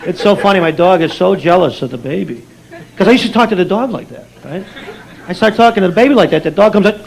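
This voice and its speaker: A man on a comedy club stage, talking in a high voice that swings widely. His voice has a gravelly edge. A laughing crowd and steady noise sit under his live recording. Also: fast. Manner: animated, swings into baby talk and character voices. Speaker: stand-up comedian. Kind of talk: stand-up routine with put-on voices.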